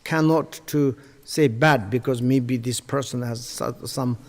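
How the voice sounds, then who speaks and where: A man giving a Buddhist teaching on a livestream, talking in a halting way, searching for words and often restarting. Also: medium pitch. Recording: long reverb.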